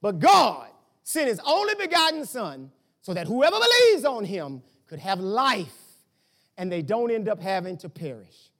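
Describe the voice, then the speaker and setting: A man preaching a sermon as pastor, asking rhetorical questions and breaking into shouts. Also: high-pitched, big pitch swings, measured pace.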